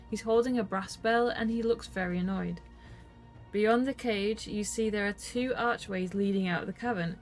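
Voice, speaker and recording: A woman casually playing through a gamebook, reading narration and choices aloud with chatty asides. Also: medium pitch. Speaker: gamebook reader and co-player.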